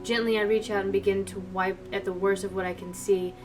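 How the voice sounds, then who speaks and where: A woman's voice: mid-range voice, little pitch movement, a little fast. A woman streamer reading a visual novel aloud, breaking off into emotional, chatty asides to her viewers, from a distant mic with faint music behind.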